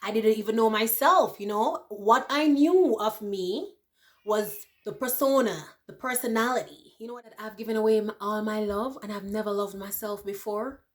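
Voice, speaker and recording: A woman in her thirties talking casually to her viewers, animated, laughing often and checking in with "you know" and "right". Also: mid-range voice, normal speed. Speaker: vlogger. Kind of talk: casual chat to camera.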